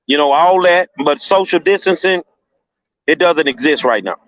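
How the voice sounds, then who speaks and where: A man talking casually and emphatically by phone from a street protest, slangy and quick to laugh. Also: on the high side, animated, no echo. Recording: dull lo-fi phone line, dry.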